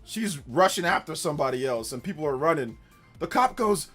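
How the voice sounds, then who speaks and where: A man chats casually on his gaming livestream, spinning animated stories and breaking into laughter often. His pitch jumps around a lot as he acts out quotes at full volume, while faint music plays behind him. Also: brisk.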